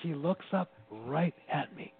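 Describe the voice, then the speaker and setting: A man giving an animated, personal account as an interview guest, often laughing as he tells it. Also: a little high, measured pace, creaky, breathy edge. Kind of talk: personal storytelling. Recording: tinny phone-line sound with faint hum.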